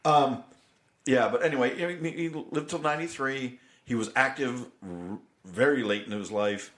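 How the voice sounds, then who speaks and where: A middle-aged man co-hosting a podcast, chatting casually and reflectively, getting animated when he recounts film scenes. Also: mid-range voice, moderate pace. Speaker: podcast co-host. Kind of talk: casual chat. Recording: roomy echo.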